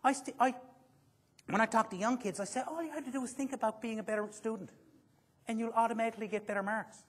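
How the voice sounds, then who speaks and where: A man speaking to a room full of people at a motivational seminar, his voice husky and a little rough. He jokes as he goes and pulls the audience into the talk with questions. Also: very high-pitched, fast talker, fairly bright tone. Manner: joking, quizzes the audience.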